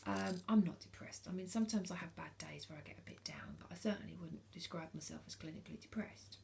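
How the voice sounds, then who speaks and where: A woman's voice: on the low side, fast talker, gravelly, a little mellow, a little hiss or hum. A British woman in her forties talking casually to camera, frank and earnest, hesitating often with ums and restarts. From United Kingdom. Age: 40s. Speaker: vlogger.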